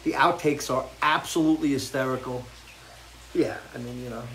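A man hosting a casual live chat with viewers, rambling and crude, jumping from loud, animated outbursts to low mutters. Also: normal speed, slight background noise, poor audio. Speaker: host.

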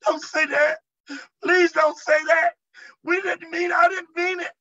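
A man's voice: very high voice, fairly even intonation, slow pace, sharp tone, dull audio, pitched above the performer's own voice, heavily acted. A preacher voicing a terrified male demon who whimpers and begs in a tearful voice. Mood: sobbing.

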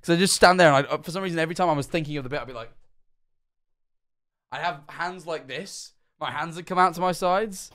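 A man's voice: on the high side, brisk, a bit bright, dry recording, studio quality. A young man casually commenting while reacting to a video, chatty and self-mocking, stumbling over words.

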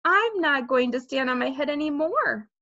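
A woman's voice: sits high, lively intonation, moderate pace, bright, forceful tone, no room sound, pitched above the performer's own voice, heavily acted. A woman voicing a sulky, defiant fourth-grade boy, in a dull lo-fi recording.

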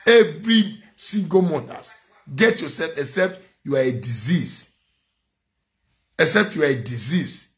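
A man's voice: mid-range voice, lively intonation, measured pace, long pauses, fairly bright tone. A middle-aged man with a Nigerian accent, giving a preachy, scolding monologue as a social media commentator. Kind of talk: impassioned monologue.

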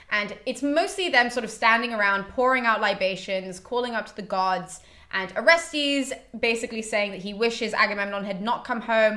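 Woman, host, casual plot summary, chatty, playful mock quotes, mid-range pitch. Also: bright, forceful tone. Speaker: host explaining a classical play.

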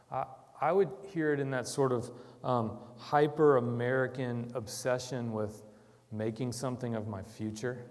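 A man giving a conversational sermon to a church, moving from quiet reflection to loud, emphatic urging. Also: medium pitch, moderate pace, long reverb tail. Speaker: church speaker.

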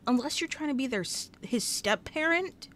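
A woman giving casual, sassy Let's Play commentary, scolding the characters in her game out loud, recorded on a headset mic. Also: high voice, expressive, normal speed, a little hiss or hum. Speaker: gaming YouTuber.

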